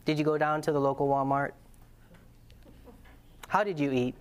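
Speaking at a moderate pace with a fairly high, fairly even voice, a man teaches a lesson to a congregation as if giving a sermon. His storytelling is passionate and conversational, full of questions for listeners and the occasional restart.

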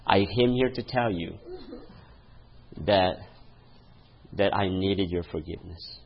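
A man's voice: low-pitched, slow pace, lo-fi sound. A male pastor preaching a sermon, telling a story and laughing at his own stories, calling out to the congregation for a response. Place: church.

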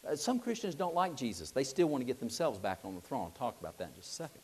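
Delivering a sermon, a middle-aged preacher tells a lively story, performs different voices and asks his audience questions. He talks fast with hardly any pauses, in a husky mid-range voice.

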